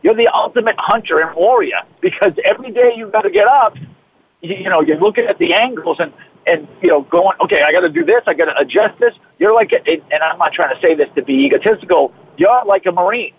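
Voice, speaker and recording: A man's voice: high voice, expressive, fast, slight background noise. Enthusiastic Boston man on a phone line. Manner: rambling, enthusiastic. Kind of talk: casual radio talk.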